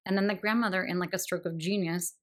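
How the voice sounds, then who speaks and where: A woman's voice: fairly low pitch, fairly even intonation, fast talker. A woman hosting a book podcast, talking through a novel with admiring enthusiasm and thoughtful asides. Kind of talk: literary discussion monologue.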